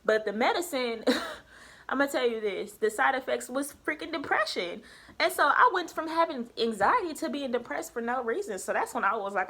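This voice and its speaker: A woman's voice: a little high, brisk. Chatty woman vlogger telling a story. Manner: emphatic, lively retelling with quoted dialogue. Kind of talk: casual storytime chat.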